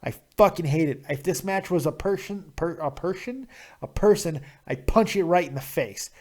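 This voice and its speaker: Profane male host, ranting, sarcastic, fairly high voice. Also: expressive, normal speed, darkish tone. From Nevada, USA. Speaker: call-in show host. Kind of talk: profane call-in wrestling commentary.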